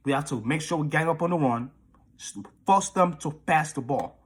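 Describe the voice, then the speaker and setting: A man's voice: fairly high pitch, normal speed, breathy edge. A young adult man giving a hyped, profane, trash-talking fan preview of a football game. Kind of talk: hyped fan video commentary.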